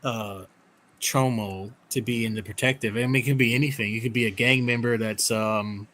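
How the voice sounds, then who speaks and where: A man's voice: mid-range voice, fairly even intonation, moderate pace, fairly bright tone. A man co-hosting a casual call-in show, talking loosely and joking, often breaking into laughter. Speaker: co-host.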